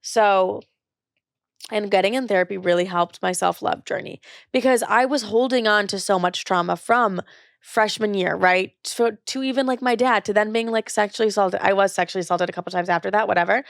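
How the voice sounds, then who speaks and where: Creaky-voiced woman telling her story. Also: medium pitch, brisk, no echo, studio quality. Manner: candid, confessional, says "like" often. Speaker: podcast host. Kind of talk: personal storytelling.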